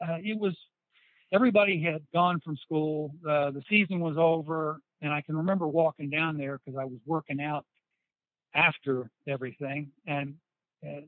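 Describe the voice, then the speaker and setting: A man's voice: a little high, no room sound. Male interview guest, loose storyteller full of restarts and quotes; thin phone-line sound. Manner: rambling anecdotes with many restarts and quoted dialogue. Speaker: interview guest, former football player. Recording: dry tinny phone-like sound.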